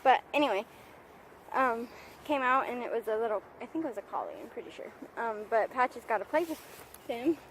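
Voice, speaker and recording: A woman's voice: fairly high pitch, expressive, fairly quick, a little hiss or hum, low-quality recording. A young woman vlogging with her service dog at a park, talking casually into a handheld phone, laughing often and calling praise to the dog. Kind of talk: casual vlog narration. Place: outdoors at a park. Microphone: handheld phone camera.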